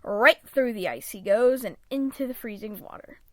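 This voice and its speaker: A woman reading a children's picture book aloud in an expressive read-aloud manner, close to a home microphone. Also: a little high, moderate pace, no echo. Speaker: storybook reader.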